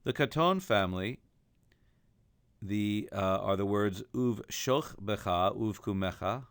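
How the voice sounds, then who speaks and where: A man's voice: lowish voice, lively intonation, takes it slowly, clear, resonant tone, dry recording, studio quality. A man teaching a recorded lesson on chanting Torah trope, explaining each mark and then singing the examples.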